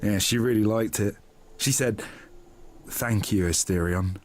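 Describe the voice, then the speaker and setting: A man's voice: lowish voice, measured pace, a little mellow, natural voice. An actor playing a shy, lovestruck young man who stammers nervously in voiced game dialogue. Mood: bashful. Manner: stammering, flustered.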